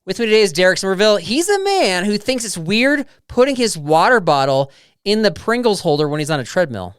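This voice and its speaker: A man's voice: high voice, big pitch swings, a little fast, fairly bright tone, clear, resonant tone, dry recording, clean studio sound. Wry, laughing male podcast co-host. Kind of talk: casual banter.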